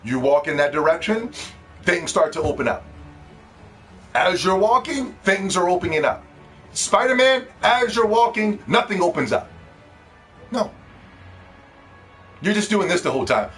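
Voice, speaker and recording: High voiced dude ranting and cussing about games, mocking everybody, little bit of music behind. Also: male voice, animated, unhurried, pauses often. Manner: profane, scornful, mocking. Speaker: video game commentator. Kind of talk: ranting game commentary.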